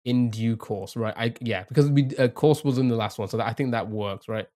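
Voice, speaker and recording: A man's voice: medium pitch, a little fast, darkish tone. A young man streaming a game live, thinking aloud, chatting to viewers and laughing often. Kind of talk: casual live-stream commentary.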